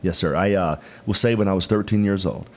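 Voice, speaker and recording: A man's voice: low-pitched, a little fast. A man from Mississippi, a guest speaking in an earnest, folksy way with plenty of fillers. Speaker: political guest. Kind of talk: casual interview.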